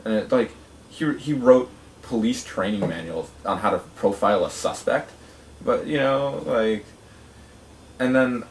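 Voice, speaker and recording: A man's voice: medium pitch, expressive, a little slow. A man casually telling a long travel story, rambling with many fillers and restarts. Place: outdoors at a gathering. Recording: distant mic with clear outdoor noise.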